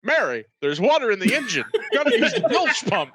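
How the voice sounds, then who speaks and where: A man's voice: very high voice, wildly swooping pitch, brisk, very noisy. A man co-hosting a casual movie review podcast, joking around and slipping into silly impressions. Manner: jokey, drops into silly impressions. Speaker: podcast co-host.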